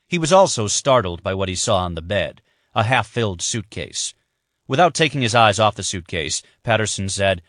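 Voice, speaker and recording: A man reading a thriller audiobook in a measured, even narration. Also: on the low side, dry recording, studio quality. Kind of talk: scripted narration.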